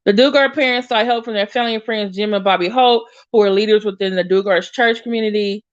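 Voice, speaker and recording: A woman's voice: mid-range voice, fast, no echo, dull audio. A woman giving blunt, emotional reaction commentary as she reads news aloud, swearing and talking back at it. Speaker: commentary youtuber.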